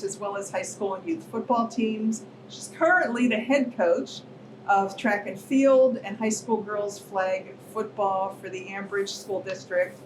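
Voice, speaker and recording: A woman moderator reading an upbeat introduction of a speaker at an event. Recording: echoey hall, distant mic, noticeable rumble.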